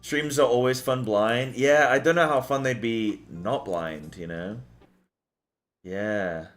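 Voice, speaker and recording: A man's voice: mid-range voice, slow pace, faint music behind. A tired young man streaming a game, rambling and swearing casually as he chats with viewers.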